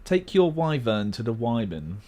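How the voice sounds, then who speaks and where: A young man hosts a relaxed livestream, musing over word guesses with playful, self-mocking remarks. He talks at an unhurried, slow pace. His voice rises and falls with a lively pitch. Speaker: livestream host. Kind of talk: casual livestream chat while playing a word game.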